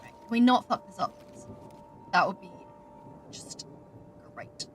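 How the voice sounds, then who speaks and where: A woman's voice: mid-range voice, expressive, unhurried. A woman streaming a video game, chatting casually, swearing and laughing at herself. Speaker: VTuber streamer. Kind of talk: casual gameplay commentary. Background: game music.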